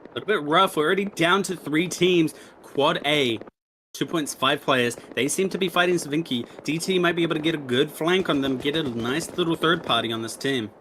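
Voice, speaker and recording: A man co-casting a shooter match, rattling off rapid-fire calls like an auctioneer. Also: a little high, fairly bright tone, a little hiss or hum. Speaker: esports co-caster. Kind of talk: rapid play-by-play commentary.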